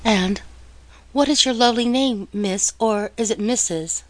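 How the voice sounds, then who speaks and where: A woman voicing a charming, wealthy gentleman who speaks in a polite, courtly way. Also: fairly high pitch, a little slow, no echo, natural voice.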